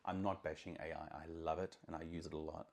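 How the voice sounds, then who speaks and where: A man's voice: a bass voice, little pitch movement, fast talker, vocal fry, a little mellow. A middle-aged man, host of a marketing podcast, talks straight to camera in a casual, emphatic way and often repeats words as he restarts.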